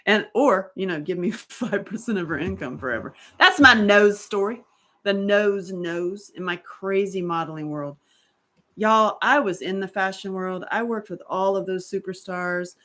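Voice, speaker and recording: Middle-aged woman, casual storytelling, blunt and profane, laughs a lot, animated delivery. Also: mid-range voice, normal speed. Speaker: author and host.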